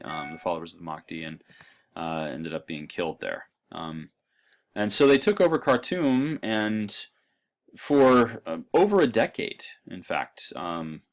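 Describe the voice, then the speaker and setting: A male history lecturer giving a halting classroom lecture with lots of ums and uhs and a dry throat. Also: low-pitched.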